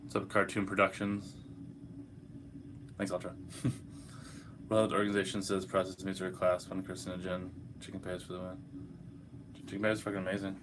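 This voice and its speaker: A man's voice: low voice, monotone, a little fast, pauses often, noisy background. A young man hosting a casual livestream, hungover, reading chat questions aloud and answering in a laid-back, profane way.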